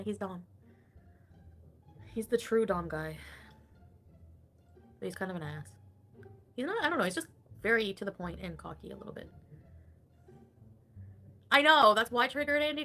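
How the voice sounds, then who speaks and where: A woman's voice: mid-range voice, a bit bright. A woman streamer in casual livestream chat, gossiping with lots of giggles, swearing and "like" fillers. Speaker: online streamer.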